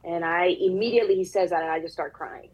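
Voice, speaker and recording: An actress with a Puerto Rican accent tells a candid, emotional, profane story on a casual podcast. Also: female voice, on the low side, fast, a little mellow, breathy edge, low-quality recording. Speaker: actress guest.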